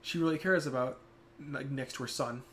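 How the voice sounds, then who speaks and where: Young guy on a stream chatting, soft and thoughtful, bit of faint noise behind. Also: medium pitch, normal speed. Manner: reflective, soft-spoken when emotional. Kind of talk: casual chat.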